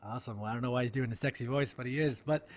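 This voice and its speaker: A man's voice: medium pitch, very fast. A man hosting a podcast, casual and jokey, reading a sponsor spot and laughing often. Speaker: podcast host.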